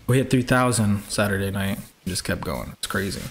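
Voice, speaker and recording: A man's voice: on the low side, normal speed, a little hiss or hum. A young man from Georgia, chatting upbeat with viewers as he live-streams a racing game from home.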